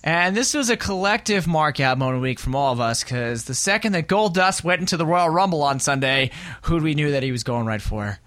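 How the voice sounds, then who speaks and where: A fairly high, bright male voice with a dry, close sound, joking and laughing as he hosts a casual podcast chat. He moves easily between banter and reading out the show's plugs. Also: expressive, fairly quick, dry recording. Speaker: podcast host.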